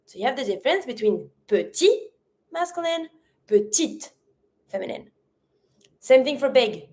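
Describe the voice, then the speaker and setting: A woman whose first language is French teaches an online lesson in English, pronouncing each French word slowly and clearly in a drilled way. She repeats vocabulary in pairs, masculine then feminine. Her voice is a little high and darkish in tone, with big pitch swings.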